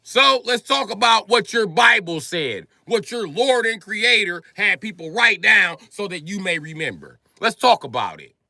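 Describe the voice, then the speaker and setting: A man talking alone on his livestream in a profane rant, swinging from low muttering to loud shouting. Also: big pitch swings, a little slow, creaky, hardly any pauses, dry recording, studio quality. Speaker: livestream host. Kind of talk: livestream monologue.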